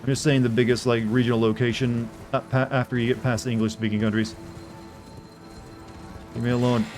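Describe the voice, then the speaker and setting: Male game streamer, mid pitch, loose rambling delivery with self-corrections, faint game music underneath. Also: little pitch movement, fairly quick, a little mellow. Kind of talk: casual live gameplay commentary.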